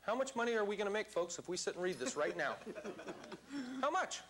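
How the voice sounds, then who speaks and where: A man telling a story to a live seminar audience, animated and theatrical. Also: high voice, a little fast, a crowd in the background. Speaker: seminar speaker.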